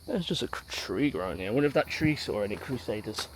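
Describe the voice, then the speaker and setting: Excitable man vlogging while exploring ruins. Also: lowish voice, fast talker, noisy background. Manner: chatty, excitable, jumpy about bugs. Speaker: travel vlogger. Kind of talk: casual exploring vlog. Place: underground ruins and caves outdoors.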